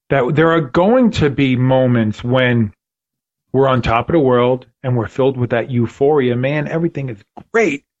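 A man's voice: medium pitch, a little mellow. A man speaks with earnest, preacherly conviction, building emphasis by repeating his phrases. His voice sits in a middle register. The recording is dull and lo-fi. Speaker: podcast host. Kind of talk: faith podcast conversation.

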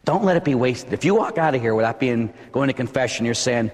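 Priest guy preaching fast and blunt, cracking jokes, church echo all around. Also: medium pitch, expressive. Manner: blunt, joking, rapid-fire. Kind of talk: sermon.

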